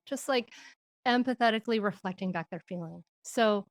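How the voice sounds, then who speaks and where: A woman speaking as an interview guest and parenting expert, gentle, reflective and encouraging. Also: mid-range voice, moderate pace, dry recording. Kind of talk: interview conversation.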